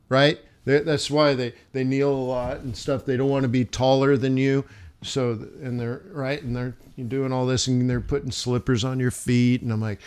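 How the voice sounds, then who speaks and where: A man's voice: mid-range voice, clear, resonant tone. Chatty man telling a travel story. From United States. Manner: chatty, many restarts, laughs while telling stories. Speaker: livestream host, forex trader. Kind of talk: casual rambling storytelling. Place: home studio during live stream.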